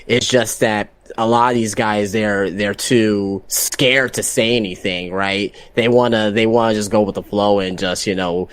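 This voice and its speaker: Lower-voiced guest, rambly, lots of you know and right, dry sound. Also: male voice, steady tone, a little slow, hardly any pauses, clean tone, no room sound. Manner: rambling, heavy fillers, asks for agreement. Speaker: podcast guest. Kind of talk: casual wrestling chat.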